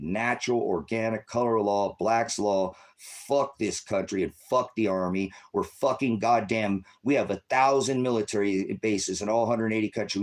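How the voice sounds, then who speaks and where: A middle-aged man delivering an angry, profane monologue as an online streamer, with sudden shouting bursts. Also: fairly low pitch.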